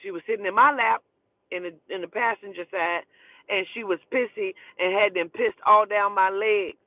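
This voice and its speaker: A man from Oklahoma telling animated, profane stories in a casual way, often calling the listener "child". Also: high-pitched, normal speed, no room sound. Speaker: storyteller. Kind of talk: casual storytelling. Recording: dry tinny phone-like sound.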